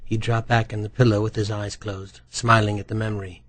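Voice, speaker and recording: A man reading a novel aloud as narrator in an even, measured way. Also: on the low side. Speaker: audiobook narrator. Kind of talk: scripted narration.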